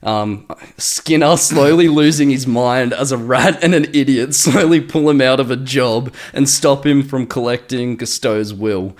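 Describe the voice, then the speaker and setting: A man's voice: medium pitch, measured pace, few pauses. A young man co-hosting a laid-back podcast, full of teasing banter. He talks loosely and conversationally. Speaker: podcast co-host. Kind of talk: casual chat.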